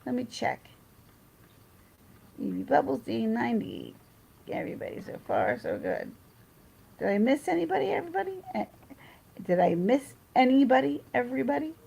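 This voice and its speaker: A woman's voice: high-pitched, huge pitch swings, normal speed, creaky, pauses often, mellow, slightly rough, rough recording. A woman chatting casually on a livestream, reading her chat and rambling through personal stories with restarts.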